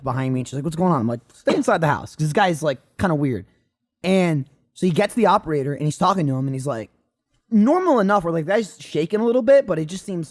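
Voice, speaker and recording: Young guy, high voice, rattles through an anecdote in animated, sweary storytelling. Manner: animated, swearing, acts out quotes. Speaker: podcast regular. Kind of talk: casual storytelling.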